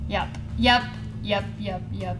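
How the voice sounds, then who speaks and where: A woman chatting casually while tasting, relaxed and matter-of-fact, with music behind her. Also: mid-range voice, slow, background noise. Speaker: whiskey blender.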